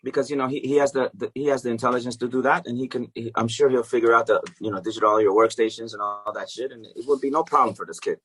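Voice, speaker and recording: Middle-aged guy on a podcast, punchy forceful voice, swears a lot, laughs at his own stories. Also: medium pitch, fast, hardly any pauses, breathy edge. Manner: animated, profane, laughs often. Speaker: interview guest, music educator. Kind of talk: casual storytelling interview.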